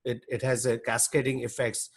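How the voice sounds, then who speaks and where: A man's voice: medium pitch, flat delivery, normal speed, gravelly, slightly rough. A man co-leading a yoga workshop, explaining how breathing affects the body, with small restarts.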